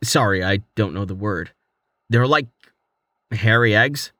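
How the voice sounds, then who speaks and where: A man's voice: lowish voice, a little slow, pushed and bright, dry recording. Man voicing a joking young armored adventurer. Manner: casual, playful.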